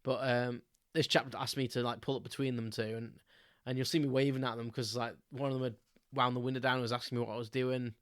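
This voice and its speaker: A man's voice: mid-range voice, little pitch movement, fast, clear, resonant tone, dry recording, studio quality. A man, hosting a podcast and telling a story in a loose, rambling way, with many ums and frequent chuckles. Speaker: podcast host. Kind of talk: casual storytelling monologue.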